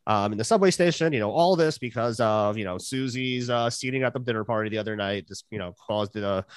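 A man's voice: mid-range voice, smooth, no echo. Rambling man recapping an episode. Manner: rambling, filler-heavy recap. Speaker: podcast host.

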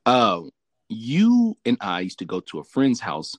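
Brief: low-voiced male host, animated swing in his pitch, cursing and laughing through a story, dry close sound. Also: a little slow, no echo. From Southern California. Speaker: podcast host. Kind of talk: casual storytelling chat.

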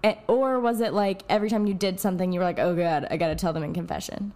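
A woman's voice: lowish voice, steady tone, fast talker, dark tone. A woman co-hosting a podcast, chatting in a playful, joking way. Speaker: podcast co-host. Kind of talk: casual podcast chat.

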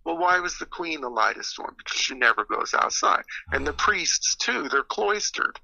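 Gravelly, sharp-edged guest voice on a dull, dry lo-fi line, earnest and animated. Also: medium pitch, moderate pace. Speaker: podcast guest. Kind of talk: casual conversation.

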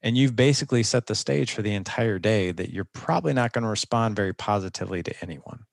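A man's voice: on the low side, animated, fast, gravelly, dry recording, studio quality. A man speaking as a guest coach in a conversational interview, earnest and instructive, often restarting his sentences.

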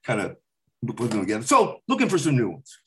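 A man telling loose, rambling stories in casual chat, dropping into quick voices and impressions. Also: mid-range voice. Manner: animated, slips into quick celebrity impressions and quoted voices; loose, rambling delivery with many restarts and laughs. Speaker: podcast guest, impressionist.

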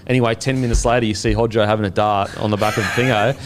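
This Australian ex-rugby league player has a lowish voice and talks at a racing clip over slight background noise. Telling a story in a relaxed podcast chat, he swears freely, stays laid-back yet animated, and laughs as he goes.

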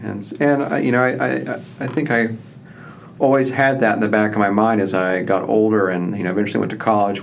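Low gravelly-voiced man, thoughtful historian guest. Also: a little hiss or hum. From southwestern Ohio. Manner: thoughtful, with many fillers and restarts. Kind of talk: conversational interview.

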